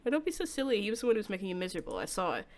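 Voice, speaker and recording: A woman voicing a soft-spoken, obsessive young man from a game, reading his lines aloud in a low, hushed, coaxing delivery. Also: sing-song, very fast, close to an everyday voice. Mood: menacing.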